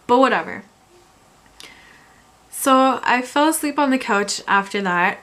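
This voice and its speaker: A young woman telling a storytime vlog in an exasperated, animated way. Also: fairly high pitch, unhurried, pauses often. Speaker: vlogger.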